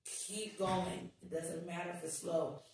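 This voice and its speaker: Woman, podcast guest, animated storyteller, swears a lot, roomy echo, far from mic. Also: fairly low pitch, measured pace, a little hiss or hum. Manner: animated, swearing, acts out quotes. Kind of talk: casual storytelling chat. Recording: echoey room, distant mic.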